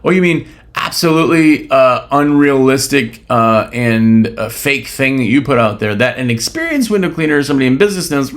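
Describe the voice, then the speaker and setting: A man's voice: on the high side, very animated, brisk, hardly any pauses. A man hosting a solo podcast, talking bluntly and casually with a bit of swearing, and peppering his points with rhetorical questions. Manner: blunt, opinionated, casually profane; rhetorical questions, frequent "right?". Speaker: podcast host.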